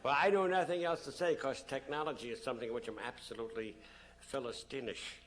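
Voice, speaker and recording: A man's voice: mid-range voice, steady tone, a little fast, a bit bright. A man giving a public lecture to an audience, telling stories animatedly and acting out the people he quotes. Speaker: public speaker.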